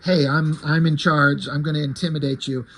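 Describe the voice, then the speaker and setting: A man voicing a big brutish wolf creature in a comic, talking gruffly, bluntly and loudly. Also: fairly high pitch, little pitch movement, normal speed, slight background noise, pitched below the performer's own voice. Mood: bullying.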